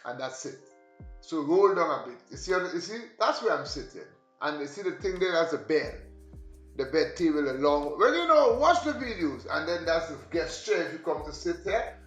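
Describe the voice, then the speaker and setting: A man's voice: on the high side, fairly bright tone. A man giving a rambling home tour as a vlogger, talking straight to his viewers. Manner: rambling, chatty, addresses viewers directly. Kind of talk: casual home tour vlog. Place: home room and kitchen. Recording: echoey room, faint music behind.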